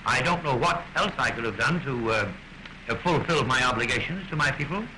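A man's voice: medium pitch, animated, brisk, bright, forceful tone, poor audio. An actor playing a weary, wry middle-aged king of a small nation, speaking in a dry, ironic, understated way, in 1930s film style. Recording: hissy early 1930s film soundtrack.

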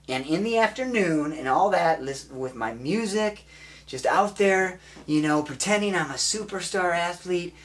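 Guy vlogging about a movie he loves, rambles and restarts a lot, kinda high voice. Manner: rambling and enthusiastic, many restarts. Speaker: vlogger and amateur filmmaker. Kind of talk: casual spoken movie recommendation.

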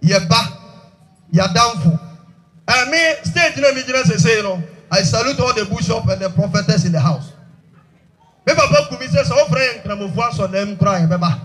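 A Ghanaian male preacher delivers an exhorting sermon, often shouting and pressing the congregation for amens. His voice sits very high and rings bright and forceful. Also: lively intonation, moderate pace. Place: church dedication service.

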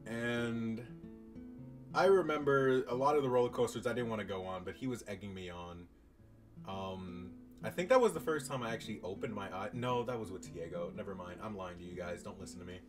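A young man in college telling a story about his own past in a casual, animated, self-mocking way, swearing freely. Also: on the low side, a little fast. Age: young adult. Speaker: YouTuber. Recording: distant mic, faint guitar music behind.

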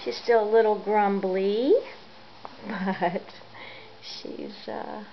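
A woman casually narrating a home video of her pet cat, gentle and chatty, recorded in a room at home on dull, lo-fi audio. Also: mid-range voice, steady tone, extremely slow, gravelly, a little hiss or hum. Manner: gentle, chatty, soft laughs.

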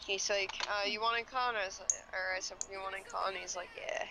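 A woman's voice: medium pitch, fairly even intonation, quick pace, noisy background. Rambling woman chatting on a call. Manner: rambling, hesitant, filler-heavy. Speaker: friend on the call. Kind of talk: casual chat.

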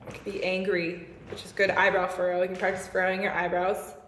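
A woman's voice: on the low side, flat delivery, fast talker, a bit bright, roomy sound, a little hiss or hum. A woman teaching a singing lesson, playful and laughing often as she explains and demonstrates. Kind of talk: music lesson.

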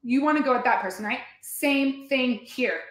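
Female workshop coach, bright high voice, earnest and repetitive, recorded in a reverberant room. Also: moderate pace. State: near tears at times. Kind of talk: motivational workshop talk.

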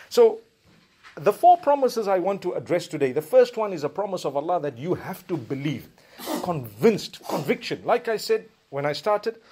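A man's voice: sits high, darkish tone. A man giving a Friday sermon, preaching emphatically with rhetorical questions and recited Arabic verses.

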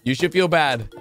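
A man hosting a reaction video, excitably narrating what he sees and laughing often. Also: a little high. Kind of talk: casual reaction commentary.

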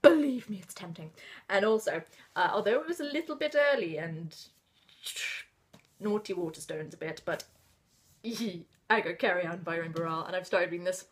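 A young English woman talking through her recent book buys in a loose, casual way. She rambles and trips over her words, gets excitable, and now and then drops into a hushed whisper. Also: lowish voice, normal speed, a little hiss or hum. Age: 20s. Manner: rambling, self-interrupting, excitable. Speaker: book vlogger. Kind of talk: casual book haul chat.

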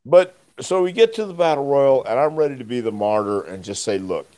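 Man, 60s, interview guest, lively storyteller, acts out voices, bouncing pitch. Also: a little fast, no echo. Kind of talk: storytelling in a conversation.

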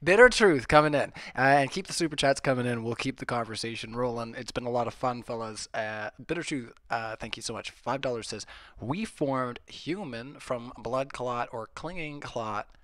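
A man hosting a livestreamed debate in a casual, joking manner, reading out viewer questions. His voice sits at an ordinary middle pitch and the sound is dry and close. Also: normal speed, fairly bright tone, no room sound. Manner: jokey, reads viewer questions aloud. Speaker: debate moderator. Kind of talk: livestream moderation.

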